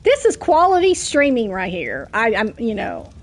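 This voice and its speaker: A chatty woman with a Southern US accent, her voice sitting a little high. She streams a game and talks loosely with viewers, stumbling over words and laughing at herself. A lingering cough roughens her now and then. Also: wildly swooping pitch, moderate pace. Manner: chatty, self-deprecating, stumbles and laughs often. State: coughing from a cold. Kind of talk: casual stream chat.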